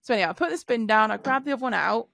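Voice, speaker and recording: Gravelly woman telling a story. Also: on the high side, rapid-fire, dry recording, clean studio sound. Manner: animated storytelling with swearing. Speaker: podcast co-host. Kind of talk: casual chat.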